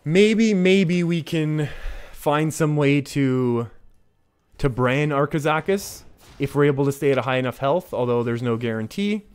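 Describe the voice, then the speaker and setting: A man's voice: a little high, unhurried, a little mellow, clean tone. A man with a Canadian accent giving casual, chatty commentary while streaming a card game. He often chuckles at himself and restarts his sentences as he talks to his chat.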